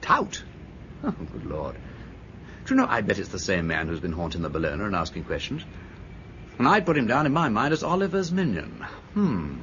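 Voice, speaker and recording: An actor playing a breezy, witty upper-class English gentleman detective, with a jaunty, teasing manner, in an old radio drama. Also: lowish voice, wildly swooping pitch, moderate pace, long pauses, a little hiss or hum. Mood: wry. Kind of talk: 1930s-style radio drama acting. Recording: dull old radio recording.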